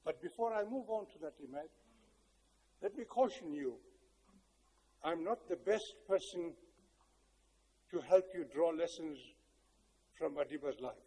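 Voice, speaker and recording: Older South African man, high and warm. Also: animated. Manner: measured and reflective, with wry humor. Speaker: guest speaker. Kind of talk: public speech with personal storytelling. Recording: long hall reverb.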